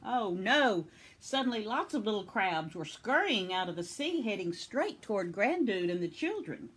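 A woman from Tennessee reading a children's picture book aloud with expressive storytelling. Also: medium pitch, moderate pace, slightly rough.

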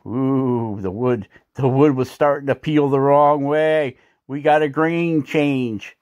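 A man's voice: mid-range voice, dry recording, studio quality. A man with a mid-range voice talks through his hand carving step by step. He is folksy and chatty and slips in jokes and wordplay as he works. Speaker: woodcarving channel host. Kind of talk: casual carving tutorial narration.

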